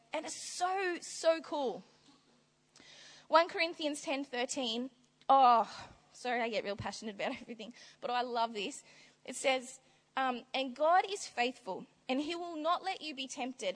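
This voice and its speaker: A woman preaching a sermon in an animated, bubbly way, laughing often and acting out little quoted voices. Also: a little high. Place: large hall with long reverb. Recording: reverberant hall recording.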